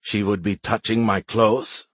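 A man's voice: fairly low pitch, level tone, measured pace, slightly rough, no echo. A man reading a prim, disapproving official. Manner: formal, disapproving.

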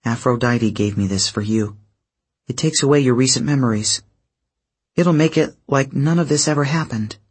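A man reading aloud, voicing an anxious teenage girl hero who speaks softly and earnestly. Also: mid-range voice, moderate pace, breathy edge, natural voice. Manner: soft, earnest and strained.

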